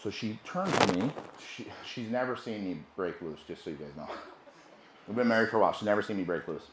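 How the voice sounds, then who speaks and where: A man, a sales trainer, telling a brash, profane story at a seminar, swinging from hushed asides to loud bursts. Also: fairly low pitch, lively intonation, quick pace, echoey room, very noisy.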